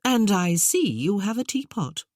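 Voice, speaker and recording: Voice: medium pitch, very animated, unhurried, darkish tone, no room sound, studio quality, voice pushed up. An audiobook narrator voicing a polite, hospitable aristocratic lady. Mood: gracious. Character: gracious aristocratic lady Cecilia.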